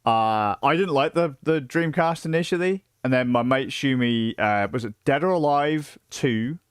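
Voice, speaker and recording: A British man in his late thirties, chatting casually on a livestream and telling stories in an excitable, profane way, full of fillers and restarts. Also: mid-range voice, normal speed, clear, resonant tone, dry recording, clean studio sound. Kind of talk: casual rambling stream chat.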